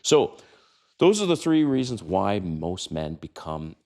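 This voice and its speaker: A man's voice: deep voice, big pitch swings, unhurried, darkish tone. A middle-aged man giving dating advice in a casual vlog monologue, blunt and profane, acting out other people's voices as he tells stories.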